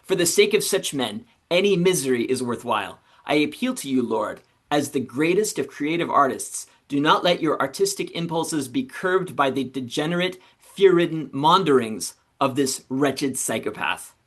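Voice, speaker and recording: A man reading aloud the lines of a blustering, scornful male philosopher, declaiming them with force. His pitch sits a little higher and his voice louder than when he lectures. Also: lively intonation, normal speed, hardly any pauses.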